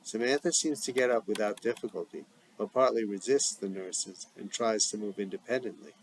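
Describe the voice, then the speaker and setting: A man reading a script aloud in a plain, even, deliberate way, stage directions included. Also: on the low side, slight background noise, low-quality recording. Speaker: script reader.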